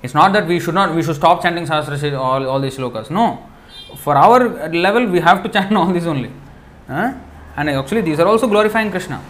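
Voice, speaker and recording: A man's voice: on the high side, lively intonation, brisk, fairly bright tone, a little hiss or hum. A man teaching a scripture class in a conversational way, explaining terms and checking in with listeners. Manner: conversational, asks rhetorical checks; explains word meanings while reading. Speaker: spiritual teacher.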